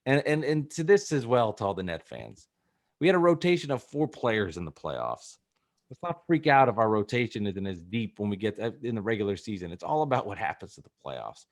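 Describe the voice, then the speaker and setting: A man's voice: on the low side, big pitch swings, brisk. A man co-hosting a sports podcast in casual chat, earnest and prone to stammering restarts. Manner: earnest, stammers and repeats words. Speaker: podcast co-host.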